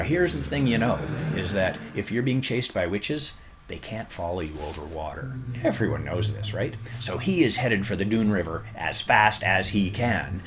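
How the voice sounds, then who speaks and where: Deep-voiced man telling a lively story. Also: slight background noise. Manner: animated, jokey, leaps up in pitch for emphasis. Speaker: podcast host. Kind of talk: casual storytelling explainer.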